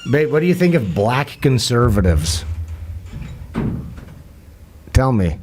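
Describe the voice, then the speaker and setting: A man's voice: medium pitch, big pitch swings, moderate pace, a little mellow, a little hiss or hum. A man hosting a casual livestream, rambling in a crude, mocking way. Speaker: livestream host.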